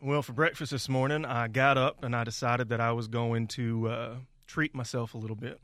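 A man playing an easygoing everyman in an improv scene, rambling through a story in a relaxed way. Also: medium pitch, moderate pace, no room sound, clean studio sound, voice pushed down, lightly acted. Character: easygoing everyman named Buck. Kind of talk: improv character.

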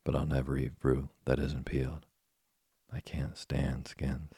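A man's voice: rumbling low, flat delivery, a little slow, vocal fry, mellow, husky, no room sound, clean studio sound, heavily acted. A man voicing a hungry, whiny wooden puppet boy in a storybook reading, complaining and petulant.

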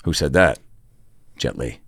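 A man's voice: rumbling low, expressive, a little slow, fairly bright tone, breathy edge, dry recording, studio quality. A man hosting a podcast in casual chat, joking and rambling, laughing often. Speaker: podcast host.

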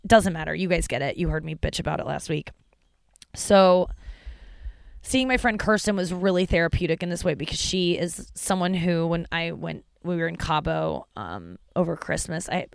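A woman's voice: lowish voice, smooth, no echo. A woman hosting a podcast, talking frankly and emotionally in a rambling, profane monologue, close to tears at times. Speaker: podcast host and stand-up comedian. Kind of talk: candid personal monologue.

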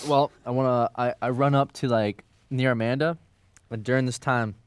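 A man's voice: mid-range voice, fairly even intonation, normal speed, smooth, dry recording. A man playing a tabletop game, talking in an urgent, exasperated way. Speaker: player. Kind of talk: casual tabletop play.

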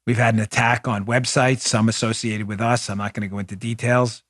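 A man's voice: mid-range voice, level tone, brisk, a bit bright, dry recording, studio quality. A man hosting a political opinion podcast, talking earnestly and with emphasis, straight to his listeners and sometimes aside to a partner in the room. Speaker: podcast host.

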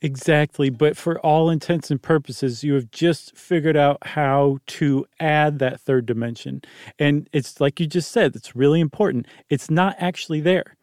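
A man's voice: fairly high pitch, normal speed, a little mellow, dry recording, clean studio sound. A man hosting a podcast, explaining things in a casual, rambling way that often trails off and restarts. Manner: easygoing, rambling, self-interrupting. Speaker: podcast host.

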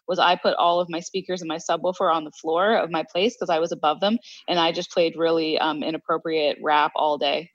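A woman's voice: lowish voice, no echo, dull audio. A woman co-hosting a podcast who tells stories in a wry, laughing way. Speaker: podcast co-host. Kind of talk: casual storytelling chat.

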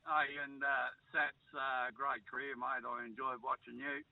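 A man's voice: medium pitch, little pitch movement, moderate pace, creaky, dry recording, narrow, tinny audio. A male caller to a sports radio show, teasing and a little hesitant as he asks his question.

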